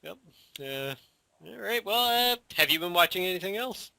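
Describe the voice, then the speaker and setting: Bright-voiced man on a dry mic. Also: high voice, animated, normal speed, creaky, no room sound. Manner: laughs often, lots of fillers and agreeing murmurs. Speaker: podcast co-host. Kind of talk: casual chat.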